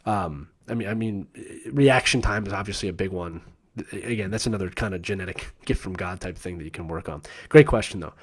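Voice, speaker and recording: A man's voice: deep voice, a little fast. Emphatic middle-aged man hosting a live show. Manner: emphatic, coaching tone, often checks in with "right?" and "all right?". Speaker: host and former hockey player and coach. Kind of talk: live-stream Q&A chat.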